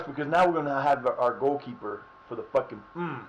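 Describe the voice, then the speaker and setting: A man streaming a football management game live, cursing and shouting at his players. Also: mid-range voice, a little fast, poor audio. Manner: animated, swears, yells at the game. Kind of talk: live gameplay commentary.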